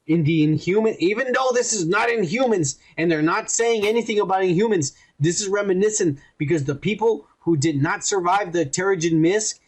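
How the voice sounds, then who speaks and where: A man with a fairly high voice talking casually on a podcast. He rambles and swears his way through a story, slipping into quick voices for each character. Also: slightly rough. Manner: profane, rambling, animated retelling with quoted voices. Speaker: podcast host reviewing a TV episode.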